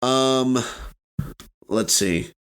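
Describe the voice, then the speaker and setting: A young man chatting casually as a podcast guest, joking and animated. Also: drawn-out words, clear, resonant tone. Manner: animated, joking, swings high for emphasis. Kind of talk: casual comedic chat.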